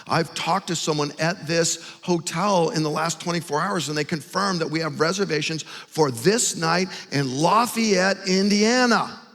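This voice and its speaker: Man playing an insistent, indignant hotel guest, gravelly, slightly high. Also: unhurried, a bit bright. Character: insistent middle-aged male hotel guest. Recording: long hall reverb, faint music.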